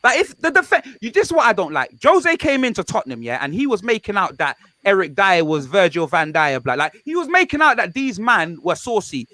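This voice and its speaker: Lively, high-pitched young man joking. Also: brisk, hardly any pauses, no room sound. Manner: loud, jokey and animated, heavy London slang. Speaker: guest. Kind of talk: casual football chat on a stream.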